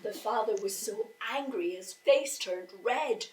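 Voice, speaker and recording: A woman telling a folk tale to a live audience, slow and expressive, voicing the characters as she goes. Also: on the high side. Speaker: storyteller. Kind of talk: live oral storytelling. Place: live storytelling event. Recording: echoey room, voice from far off.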